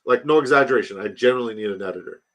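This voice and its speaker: A man's voice: mid-range voice, racing, fairly bright tone. Casual man hosting a stream. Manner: loose, swears, talks to chat directly. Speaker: livestream host. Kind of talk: casual chat.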